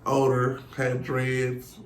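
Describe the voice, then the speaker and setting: A man in his thirties speaks very slowly in a medium-pitched voice with a completely flat delivery. As a podcast guest he chats casually, telling profane, blunt stories and quoting others, while the echoey room adds faint hiss.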